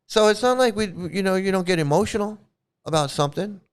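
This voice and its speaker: Male vlog host, fairly high smooth voice, loose rambling delivery with restarts, blunt and coarse. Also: lively intonation, fast. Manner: rambling, repeats and restarts words; blunt and profane. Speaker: commentary channel host. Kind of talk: casual rambling commentary.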